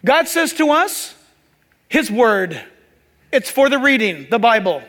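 Male pastor, very high voice, chatty sermon, long hall reverb. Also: very animated, slow pace, a bit bright. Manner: conversational, joking asides to the congregation.

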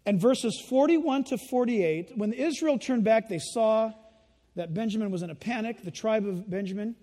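A man preaching a sermon in an animated way, acting out the voices of children and laughing as he goes. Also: sits high, in a large hall. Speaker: pastor.

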